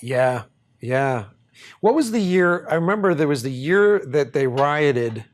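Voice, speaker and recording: A man's voice: on the high side, lively intonation, a little slow. A man from Boston in his thirties, hosting a podcast and telling a rambling story in casual chat, swearing freely and laughing as he talks. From Boston, USA. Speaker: podcast host.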